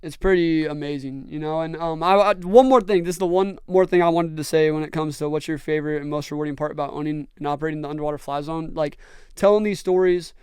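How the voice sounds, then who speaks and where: A man's voice: on the high side, quick pace, few pauses, darkish tone, clean tone, dry recording, studio quality. A young man, earnestly telling rambling stories as a podcast host. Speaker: podcast host and brand owner. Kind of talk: casual storytelling chat.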